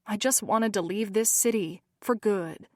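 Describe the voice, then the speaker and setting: A woman narrating a first-person romance novel at a measured pace. Her voice sits at a middle pitch. The recording is dry and close. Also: no room sound. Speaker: audiobook narrator.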